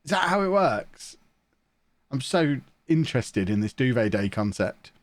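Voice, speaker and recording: A man's voice: mid-range voice, sing-song, unhurried. Sniffly, chatty game streamer man. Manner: chatty, rambling, answering chat as he plays. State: sniffly, stuffed-up nose. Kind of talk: casual live-stream chat while playing a football management game.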